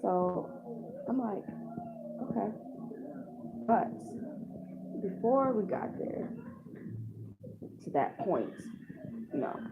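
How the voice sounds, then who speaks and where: Tearful woman, low gravelly voice, tinny audio. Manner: raw, tearful retelling, acting out her own words. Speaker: mother telling a personal story. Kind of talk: emotional personal storytime. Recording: tinny phone-like audio with background noise.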